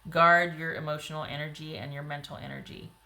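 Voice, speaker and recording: Low-voiced woman reading tarot, roomy. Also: steady tone, a little fast, vocal fry, bright, forceful tone. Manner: chatty, rambling, frequent "you know" and "like". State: voice getting hoarse. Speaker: tarot reader.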